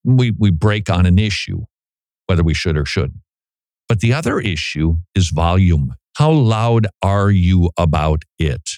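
A middle-aged man, a pastor, giving a folksy, animated commentary with frequent restarts on a close studio mic. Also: sits low, measured pace, no room sound. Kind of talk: conversational commentary monologue.

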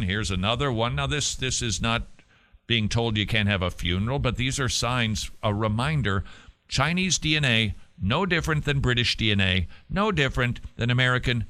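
A man's voice: mid-range voice, pushed and bright. A man hosting a talk show, giving emphatic, sarcastic commentary. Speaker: host.

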